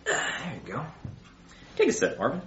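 A man's voice: mid-range voice, wildly swooping pitch, moderate pace, fairly bright tone. A man playing a paranoid, patriotic interrogator who turns from mock politeness to threats. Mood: menacing. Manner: sarcastic, threatening, swinging from polite to harsh. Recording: muffled echoey room.

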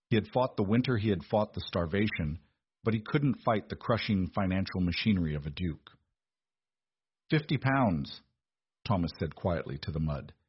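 A man narrating an audiobook in an even, measured storytelling manner. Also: low voice, slightly rough, dry recording, highs cut off.

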